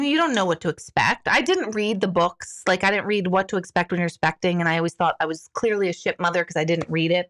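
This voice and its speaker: A woman's voice: mid-range voice, fairly bright tone. A woman hosting a casual live stream, talking frankly and chattily with viewers and swearing now and then. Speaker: livestream host, intuitive coach.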